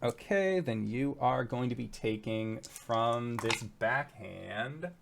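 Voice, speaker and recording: Male game master, unhurried, rambling narration with fillers. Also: mid-range voice, lively intonation, creaky, background noise. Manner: loose, full of fillers.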